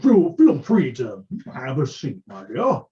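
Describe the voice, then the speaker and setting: GM doing a hesitant, stammering portly tavern flirt, lively pitch, muffled lo-fi sound; casual tabletop voice. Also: slow, reverberant, recorded from a distance. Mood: flirtatious. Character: portly flirtatious middle-aged man at tavern. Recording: muffled lo-fi recording.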